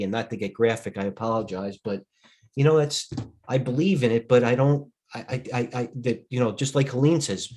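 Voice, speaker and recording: A middle-aged man hosts a live stock trading stream in a medium-pitched, slightly mellow voice. He sounds a bit tired, rambling as he thinks out loud and cuts himself off.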